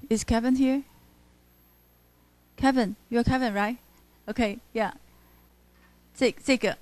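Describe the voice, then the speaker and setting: A woman's voice: high-pitched, no room sound. A woman professor giving a poetry lecture to a university class, reading lines aloud to show their stresses and checking in with her students. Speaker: literature professor. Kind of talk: classroom lecture mixing English and Mandarin.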